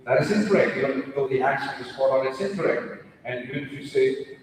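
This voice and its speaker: A man's voice: medium pitch, fairly quick, a little hiss or hum. A man, a pronunciation coach giving a stage talk, explaining step by step and quizzing the audience with rhetorical questions. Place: large auditorium stage. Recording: echoey hall, mic at a distance.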